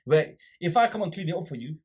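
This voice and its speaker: A man's voice: fairly high pitch, fast, breathy edge. A man guest on a podcast, casually telling a story and acting out the people in it. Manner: animated storyteller acting out quoted exchanges.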